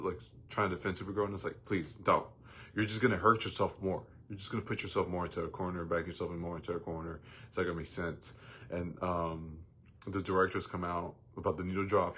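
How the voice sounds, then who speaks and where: A movie reviewer with a low, slightly rough voice rants casually about a film, rambling and swearing, full of fillers and restarts. Every so often he bursts into loud, mocking jokes.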